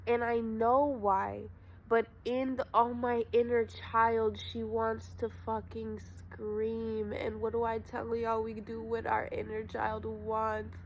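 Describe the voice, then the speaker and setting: A woman's voice: on the high side, level tone, slow pace, muffled recording, a little hiss or hum. A young woman vlogger telling her personal story to viewers, raw and profane, calling them y'all. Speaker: spiritual vlogger. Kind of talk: emotional personal storytelling to camera.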